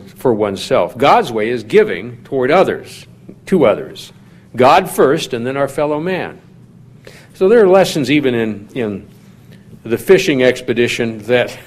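A man preaching a sermon in a measured, teaching manner, putting questions to his listeners. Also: medium pitch. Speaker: pastor.

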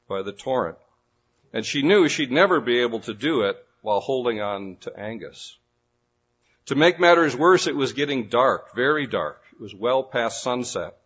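A man with a husky, slightly breathy voice tells a dramatic story from the pulpit. He builds suspense with careful pauses and a vivid storyteller's delivery. The sound is dull and lo-fi. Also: mid-range voice, fairly bright tone. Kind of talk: dramatic storytelling sermon illustration. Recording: dull lo-fi recording.

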